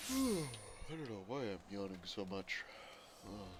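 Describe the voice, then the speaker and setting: Laid-back male streamer, lowish voice. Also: lively intonation, unhurried, background noise. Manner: chatty, self-deprecating asides, laughs easily. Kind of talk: casual gameplay commentary. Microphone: desk microphone. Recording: stream audio with game music. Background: game music clearly heard.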